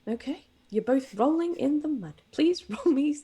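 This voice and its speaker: A woman's voice: high voice, animated, moderate pace, warm tone. A woman narrating as game master of a tabletop game, playful and giggly.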